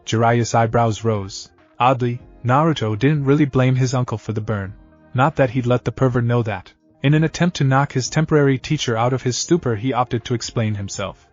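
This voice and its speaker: A man giving a steady scripted narration of a fan-fiction story. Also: mid-range voice, normal speed. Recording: dull lo-fi audio. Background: faint background music.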